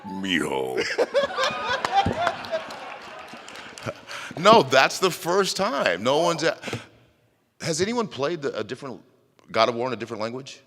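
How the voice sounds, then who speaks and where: A man's voice: medium pitch, sing-song, normal speed, a bit bright, slight background noise. Playful man in an echoey convention hall. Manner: playful, teasing, laughs often. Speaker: convention panel guest. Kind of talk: lively Q&A with an audience.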